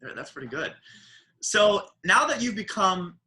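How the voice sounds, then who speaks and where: A man with a New York accent hosting a podcast in casual, animated, joking chat. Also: sits high, a little slow, poor audio. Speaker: podcast host.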